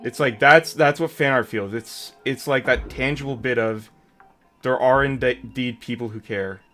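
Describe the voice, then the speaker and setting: A man's voice: mid-range voice, moderate pace, a bit bright, soft background music. A man hosting a stream, chatting casually in a rambling, jokey, self-deprecating way. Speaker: streamer host. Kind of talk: casual chat.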